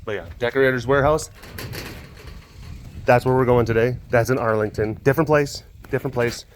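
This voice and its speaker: A man's voice: mid-range voice, fairly even intonation, a little fast, a little hiss or hum. A young man chatting casually and rambling about his day as a podcast host. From Dallas-Fort Worth area, Texas. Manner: rambling, talks to pets in a soft voice. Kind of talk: casual chat.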